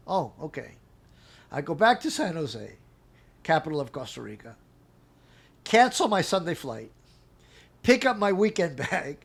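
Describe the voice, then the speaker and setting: A man's voice: on the high side, unhurried, gravelly, long pauses, breathy edge. A middle-aged man telling a long personal story in casual talk, acting out what people said and laughing as he goes. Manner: animated, acts out quotes with laughs. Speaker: interview guest.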